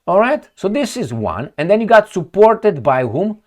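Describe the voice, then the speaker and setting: A man's voice: high voice, very animated, normal speed. A man with a non-native accent hosting an opinionated commentary vlog, firing rhetorical questions at the viewer in a ranting way. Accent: non-native accent of English. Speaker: political commentary host.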